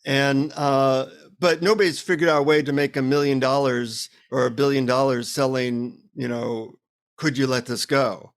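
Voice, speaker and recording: A man guest in a casual interview, telling an animated, self-deprecating anecdote over a remote call. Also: medium pitch, moderate pace, few pauses.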